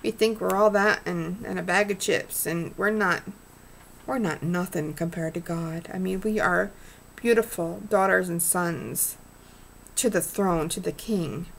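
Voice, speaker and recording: A woman's voice: fairly low pitch, unhurried, vocal fry, a little hiss or hum. A middle-aged woman vlogging in an earnest, rambling, preachy way. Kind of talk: casual heartfelt vlog rant.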